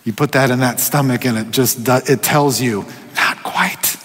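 A man preaching a sermon in a conversational way, slowing for emphasis and dropping to a hush at times. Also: mid-range voice, fairly even intonation, breathy edge. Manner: conversational, drops to hushed whispers for quoted voices. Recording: echoey hall with long reverb.

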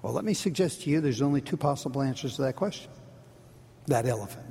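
A man preaching a sermon as a pastor, swinging from loud urgent lines to near-whispers. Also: medium pitch, lively intonation, fast, creaky, slight background noise. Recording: long reverb of a large hall.

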